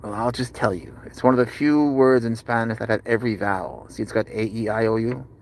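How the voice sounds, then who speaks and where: A man streaming live from inside a car, doting on his pet cat and often slipping into high baby talk. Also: brisk, slight background noise. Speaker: pet owner vlogger. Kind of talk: casual live-stream chat.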